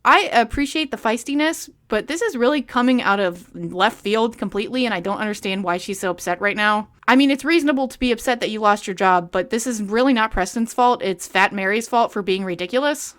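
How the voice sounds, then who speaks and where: A woman's voice: on the high side, a little fast, few pauses. A young woman reading a book aloud and breaking in with sarcastic, exasperated comments. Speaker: book reviewer.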